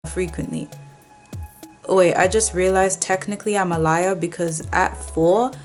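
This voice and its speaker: A woman's voice: fairly low pitch, normal speed, faint music behind. Chatty young woman from Nigeria. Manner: chatty, animated, with playful put-on voices of commenters. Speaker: vlogger. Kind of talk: casual talking-to-camera chat.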